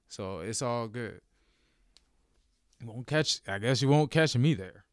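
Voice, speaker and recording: A young man hosting a casual sports show, talking in a loose, animated way with slangy asides. His voice is smooth and resonant at a middle pitch. The sound is dry and close. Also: slow, no echo. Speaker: podcast host.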